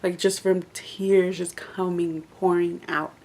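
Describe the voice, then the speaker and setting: A woman with a lowish, gravelly voice talks straight to her camera in a casual book review vlog. She rambles in a chatty way and fills her sentences with "like". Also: flat delivery, slow pace, a little mellow. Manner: chatty, rambling, heavy use of "like".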